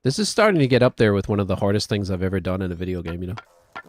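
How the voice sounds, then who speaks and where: A man's voice: deep voice, very animated, quick pace. Rambling New Zealand man streaming games. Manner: rambling and self-deprecating, thinking aloud. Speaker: game streamer. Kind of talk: casual gaming commentary.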